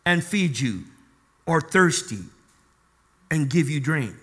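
High, bright-voiced preacher man. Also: measured pace, long pauses. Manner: call-and-response preaching, asks the congregation for amens; swells from quiet teaching to loud exclaiming. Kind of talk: sermon.

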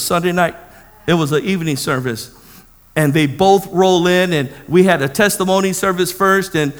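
A man preaching, telling a personal testimony as a lively story and acting out the voices of the people in it. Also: high voice, long reverb tail. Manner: animated storytelling, acts out voices. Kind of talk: sermon testimony.

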